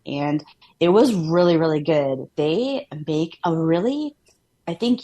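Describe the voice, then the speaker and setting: Her voice is mellow and on the low side: a Minnesota-born podcast co-host with a Minnesotan accent. She's chatty and cheerful, laughs a lot, and leans heavily on "like."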